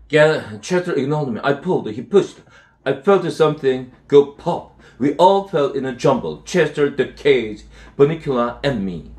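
Man reading a storybook aloud, halting. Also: medium pitch, expressive, a little mellow. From South Korea. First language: Korean. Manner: halting, with frequent restarts. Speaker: English teacher. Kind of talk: reading a children's novel aloud.

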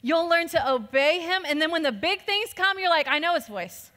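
High bright woman preaching, conversational, laughs a lot, church pastor. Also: normal speed, big-room sound. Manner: lively and conversational, laughing often. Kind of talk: sermon.

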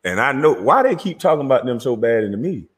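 A husky-voiced man with a Southern twang rants loudly and with animation, cursing freely and breaking into laughter. His voice rings with a long reverb. He is hosting his own show in casual, profane talk. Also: medium pitch, sing-song, quick pace. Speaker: show host.

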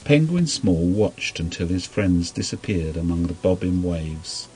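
Deep-voiced man reading a children's story. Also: slight background noise, low-quality recording. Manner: gentle, unhurried storybook reading.

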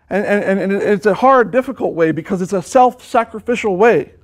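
Earnest male preacher with a high voice, sermon delivery full of restarts. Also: moderate pace. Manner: earnest, repeats words and restarts often; quotes scripture at length.

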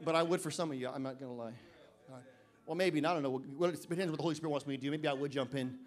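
A male pastor preaching a sermon at a church service. He swings between loud emphatic declarations and quiet joking asides, and reads scripture slowly and deliberately. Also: on the high side.

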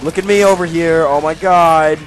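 A young man giving casual, jokey commentary while playing a video game, often yelling at enemies. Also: a little high, moderate pace, background noise. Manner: excitable, jokey, yells at enemies. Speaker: gaming YouTuber.

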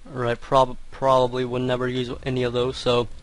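A man's voice: medium pitch, completely flat delivery, moderate pace. Rambling young man commentating a game. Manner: rambling, hesitant, lots of fillers and sudden exclamations. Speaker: let's play commentator. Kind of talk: casual gameplay commentary.

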